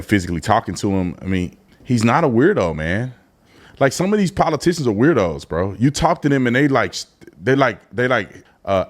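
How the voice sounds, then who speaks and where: A man hosting a casual reaction commentary, slangy and animated, breaking into mocking impressions. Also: deep voice. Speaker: commentary channel host.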